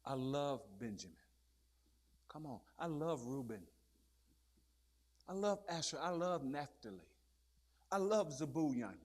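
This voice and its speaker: A man delivers a fiery sermon in a voice pitched a little higher than most men's. He drops to low murmurs, then climbs into loud shouted peaks. He keeps calling out questions to his listeners. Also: lively intonation, a little slow, pauses often. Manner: calls out to the crowd with repeated questions. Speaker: preacher.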